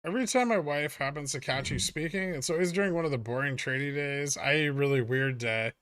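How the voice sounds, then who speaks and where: A man's voice: a little high, fairly quick, a bit bright, clean tone. A man hosting a casual livestream, reading viewer messages aloud and answering them with irreverent jokes and the odd swear word. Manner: jokey, irreverent, swears freely. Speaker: livestream host.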